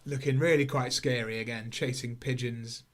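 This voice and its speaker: A man's voice: medium pitch, fairly even intonation, moderate pace. Rambling man reviewing films. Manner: rambling, many fillers, acts out quotes in silly voices. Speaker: podcast co-host. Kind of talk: casual film review chat.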